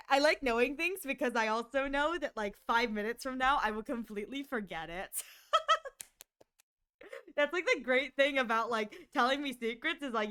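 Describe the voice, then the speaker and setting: A woman's voice: high-pitched, clean tone. A woman streamer chatting casually and gossiping with her viewers during an art stream, laughing often. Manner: giggly, gossipy, animated.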